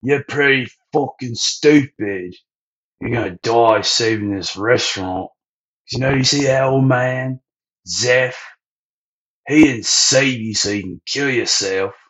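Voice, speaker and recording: A man's voice: medium pitch, slow pace, a bit bright. A man doing a laid-back, cocky young pirate. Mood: scolding. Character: carefree, easygoing young male pirate. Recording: dull lo-fi audio.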